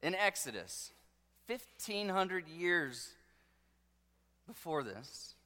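A man preaching a sermon with passion, dropping to a hush and then rising to loud declarations. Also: a little high. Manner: impassioned preaching, swinging between hushed and loud. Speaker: pastor. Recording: long hall reverb.

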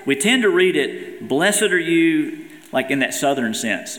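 A man's voice: a little high, big pitch swings, measured pace, a bit bright. Man preaching in an echoey hall. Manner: earnest preaching, reads scripture quotes aloud with emphasis. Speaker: pastor. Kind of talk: sermon. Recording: echoey hall with long reverb.

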